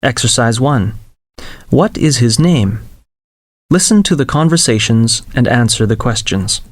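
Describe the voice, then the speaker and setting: A man narrates a language-class listening drill, pausing to spell each word letter by letter. He keeps an unhurried pace, and his voice sounds close and dry with no room around it. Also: mid-range voice, animated, no room sound. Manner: slow, carefully spelled-out dictation. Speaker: lesson narrator. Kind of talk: scripted listening exercise reading.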